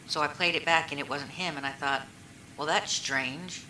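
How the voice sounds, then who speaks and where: Low-voiced woman in an echoey interview. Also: fairly even intonation, fast talker, pushed and bright. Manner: rambling, retells conversations, many fillers. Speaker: witness being questioned. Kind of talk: recorded police interview. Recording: echoey room recording, faint hiss.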